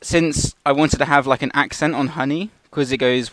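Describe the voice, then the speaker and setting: A man acting as a tutor casually talks through an animation shot in a live tutorial walkthrough, restarting sentences as he explains. His mid-range voice is fairly bright, fairly even in intonation, and moderately paced, with no echo.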